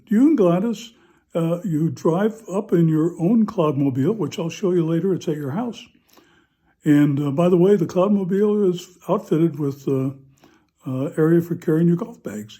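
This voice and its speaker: A priest voicing a genial Saint Peter who welcomes new arrivals to heaven, in a cheerful, reassuring tone while telling a joke in a homily. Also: male voice, fairly high pitch, mellow, natural voice.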